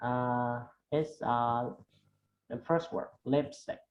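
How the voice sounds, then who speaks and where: An English student answering questions in a lesson, hesitant with many pauses. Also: mid-range voice, steady tone.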